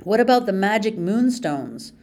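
A woman's voice: mid-range voice, lively intonation, moderate pace, a little mellow, pitched above the performer's own voice, lightly acted. Woman voicing an earnest, stubborn teen boy.

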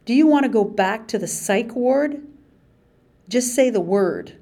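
A woman reading an audiobook, voicing a cold, threatening man on staff in a low, even voice. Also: slow. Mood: menacing. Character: harsh menacing male staff man.

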